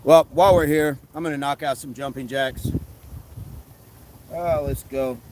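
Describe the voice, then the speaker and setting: A man hosting a casual live stream, reading comments aloud and giving quick fitness tips in a relaxed way. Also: fairly high pitch, slight background noise, low-quality recording. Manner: relaxed, answers chat questions with quick tips.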